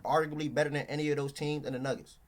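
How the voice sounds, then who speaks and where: A man's voice: on the high side, flat delivery, racing. A man co-hosting a casual sports debate podcast, emphatic, often asking if you know what he's saying. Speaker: podcast co-host.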